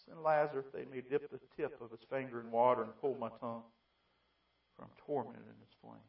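A man preaching a fiery sermon, moving between quiet pleading and loud shouting. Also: medium pitch, steady tone, a little fast, gravelly. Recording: distant, dull lo-fi mic.

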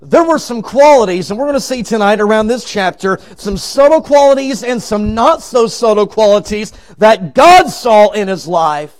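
Man, high-pitched evangelist, revival sermon, dramatic volume swings, voices the story characters. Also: expressive, unhurried. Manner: swings from loud shouting to hushed low tones. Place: church sanctuary.

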